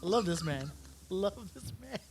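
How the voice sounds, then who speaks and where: A man's voice: sits high, lively intonation, a little slow, crowd noise. A young adult man co-hosting a podcast, playful and self-mocking, laughing easily during casual banter. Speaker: podcast co-host.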